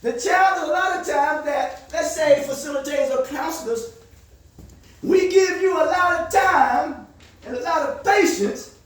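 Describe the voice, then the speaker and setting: Man, high voice, motivational counselor, asks the group to finish his lines, emphatic, distant mic, very echoey room. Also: unhurried. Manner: emphatic, often raises voice. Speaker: counselor leading a group session. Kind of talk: motivational call-and-response teaching.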